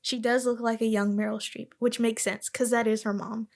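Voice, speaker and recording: A woman's voice: fairly high pitch, little pitch movement, normal speed, vocal fry. A young woman hosting a podcast in casual chat, rambling and correcting herself as she goes. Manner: chatty, rambling, self-correcting. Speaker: podcast host.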